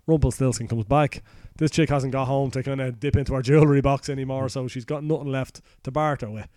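Irish man, podcast host, loose sweary storyteller, warm dark tone, dry close sound. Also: mid-range voice, fairly even intonation, fast talker, hardly any pauses, no echo. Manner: crude, sweary, rambling retelling. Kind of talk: casual comic storytelling.

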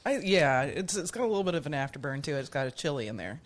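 A man as a podcast guest, chatting casually in a halting way with frequent restarts. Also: on the high side, big pitch swings. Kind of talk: casual chat.

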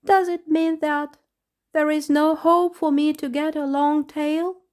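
A woman's voice: flat delivery, slow, a little mellow. A woman voicing an anxious young male lizard who pleads and whines in a storybook reading. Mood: pleading, whining. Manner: high, pleading and whining.

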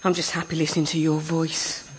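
A woman's voice: low voice, little pitch movement, fairly quick, very noisy. A woman playing a guest on a scripted comedy radio show, speaking with a sing-song, rising lilt.

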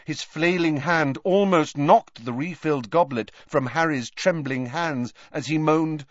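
An audiobook narrator reading scripted narration in a measured, expressive storytelling manner. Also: mid-range voice, dry recording, lo-fi sound.

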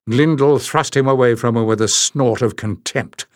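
Man reading a fantasy audiobook, steady storyteller, mid pitch, dry close mic. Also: moderate pace, hardly any pauses, no room sound. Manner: steady storytelling, switching into character voices. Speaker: audiobook narrator. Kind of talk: scripted narration.

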